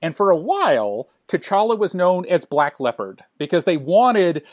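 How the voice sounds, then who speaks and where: Male teacher guest, lively higher voice, dull lo-fi audio. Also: measured pace, no echo. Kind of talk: casual discussion.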